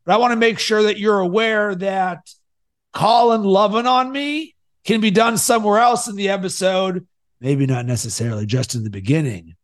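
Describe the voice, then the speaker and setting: A man hosting a podcast and coaching his guest, energetic, swinging between loud and soft to make his points. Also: sits high, normal speed. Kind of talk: coaching conversation.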